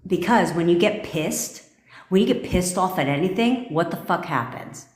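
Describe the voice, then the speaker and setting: A woman's voice: on the low side, expressive, moderate pace. A woman manifestation coach on a livestream, giving a blunt, profane pep talk and repeating commands for emphasis. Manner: blunt, profane, forceful ranting. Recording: echoey room.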